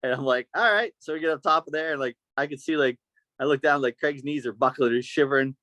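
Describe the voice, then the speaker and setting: A man hosting a podcast, telling a story in a casual, animated way and acting out the voices of the people in it. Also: medium pitch, fast talker, no echo. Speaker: podcast host.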